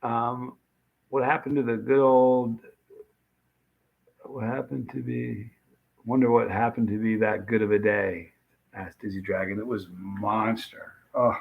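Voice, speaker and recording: A man's voice: medium pitch, flat delivery, measured pace, gravelly, pauses often, narrow, tinny audio. A man hosting a late-night livestream, casually chatting and thanking viewers by name as he reads their comments. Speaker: livestream host. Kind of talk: casual live chat reading comments.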